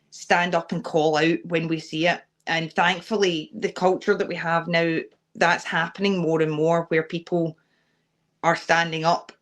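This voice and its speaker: A young adult Scottish woman, a wrestler guest on a podcast interview, speaking candidly and earnestly with frequent fillers. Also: on the low side. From Scotland.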